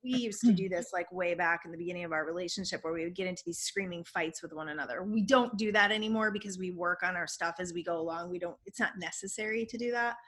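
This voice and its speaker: A woman's voice: lowish voice, fast talker, few pauses, a bit bright. A woman co-hosting a casual chat, enthusiastic and affirming, talking about releasing energy. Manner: enthusiastic, affirming, spiritual talk. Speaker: co-host.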